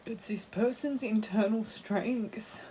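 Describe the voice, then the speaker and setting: A woman giving a tarot card reading to her viewers, speaking gently and heartfelt and calling her listeners her angels. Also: fairly high pitch, fairly even intonation, slow, a little hiss or hum. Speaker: tarot reader.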